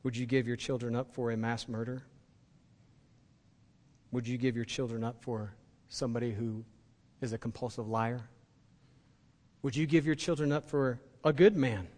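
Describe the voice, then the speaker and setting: A man's voice: medium pitch, fairly even intonation, moderate pace, pauses often, darkish tone, long reverb tail. A man preaching a sermon as pastor, impassioned and building to emphatic peaks.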